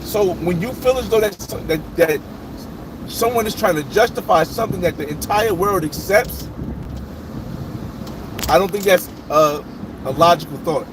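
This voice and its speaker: Man, high voice, casual live stream host, talking while driving, phone mic in the car, steady road noise. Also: measured pace, pauses often. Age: adult. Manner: talks to chat, reading names and shouting out viewers. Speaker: livestream host. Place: inside a moving car. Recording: road and engine noise behind.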